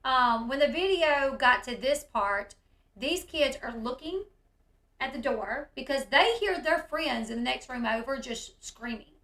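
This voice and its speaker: A woman hosting casual commentary on a video, talking in an animated way and acting out the yelling she describes. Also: high-pitched, measured pace, echoey room. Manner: animated, reacts loudly, acts out quoted yelling. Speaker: commentary host.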